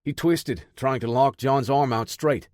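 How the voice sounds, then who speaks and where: This clip is scripted narration: a man with a medium-pitched voice reading a military action audiobook. His delivery stays steady and measured, captured in a dry, studio-quality recording.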